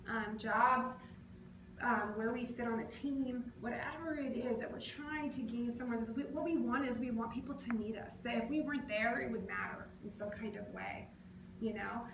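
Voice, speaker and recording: A woman giving a casual, conversational sermon in a church, animated and playfully acting out other people's voices. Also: fairly high pitch. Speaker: preacher. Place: church sanctuary. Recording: echoey church room, faint noise.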